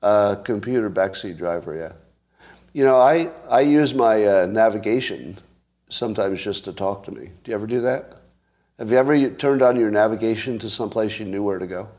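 Low-voiced man musing casually. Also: normal speed, a little mellow. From California. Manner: rambling, musing, joking. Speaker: host. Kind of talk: casual chat with listeners.

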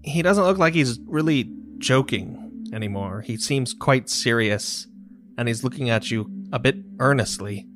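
A man running a tabletop game as game master, narrating scenes in a relaxed, descriptive way. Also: mid-range voice, a little slow. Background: ambient music with singing bowl.

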